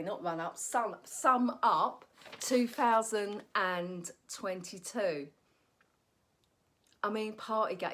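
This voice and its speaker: A woman comedian, riffing through a cheeky, rambling monologue. She often corrects herself in mid-sentence. Her voice sits in an ordinary middle pitch. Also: a little hiss or hum. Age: 40s. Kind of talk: comic monologue.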